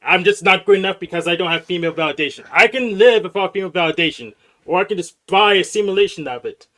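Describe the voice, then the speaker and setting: A high, bright male voice that argues insistently, tripping over and repeating words as he presses his point. He is a guest in a heated, casual panel debate. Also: fast. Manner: argumentative, repeats words, stumbles.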